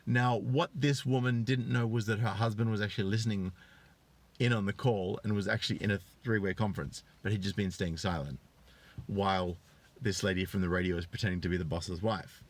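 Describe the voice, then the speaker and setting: Animated Australian man streaming live. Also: fairly quick. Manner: animated storyteller, swears freely, voice rises high when excited. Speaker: online show host. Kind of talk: live-stream commentary, reading chat.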